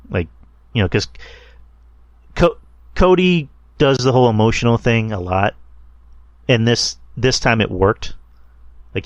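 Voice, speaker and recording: A man's voice: on the low side, no room sound. A man hosting a solo podcast, rambling casually with lots of fillers and the odd swear word. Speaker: podcast host reviewing wrestling.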